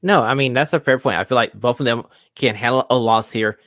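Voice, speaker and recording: A man's voice: mid-range voice, fairly quick, a bit bright, no echo. Upbeat male podcast host, dry sound. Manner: upbeat, promotional, emphatic. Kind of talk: casual wrestling podcast chat.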